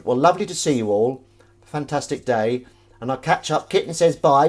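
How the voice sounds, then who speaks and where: A man's voice: mid-range voice, lively intonation, moderate pace, a little mellow. A man hosting a live stream, chatting casually and rambling playfully with wordplay.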